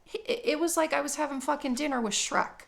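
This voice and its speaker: Middle-aged woman, gravelly, slightly high voice, blunt, swearing, rambling comic vlogger. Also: fast. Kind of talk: casual comedic monologue.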